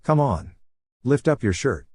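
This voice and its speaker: A man's voice: mid-range voice, sing-song, measured pace, a little mellow, breathy edge, dry recording, clean studio sound, pitched above the performer's own voice. A man voicing a lecherous, boastful older male sage who talks in an offhand way.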